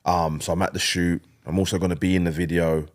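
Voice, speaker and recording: A man with a fairly low voice talks through his stories as an interview guest. He's animated and slangy, tossing in quick asides as he goes. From London, England. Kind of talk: casual interview chat.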